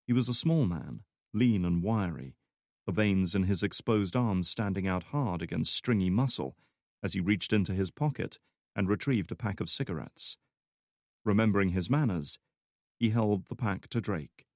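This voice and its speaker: Low-voiced male thriller narrator. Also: darkish tone, no room sound, studio quality. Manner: measured thriller storytelling. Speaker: audiobook narrator. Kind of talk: scripted narration.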